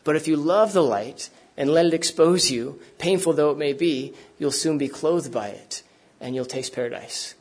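Preacher, male, husky tone, conversational sermon delivery to a live congregation. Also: fairly high pitch, normal speed, hardly any pauses.

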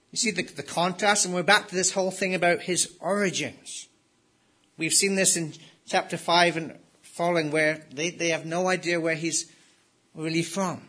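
A man's voice: a little high, steady tone, moderate pace, a bit bright. A man preaching a sermon in an emphatic way, repeating key words for stress.

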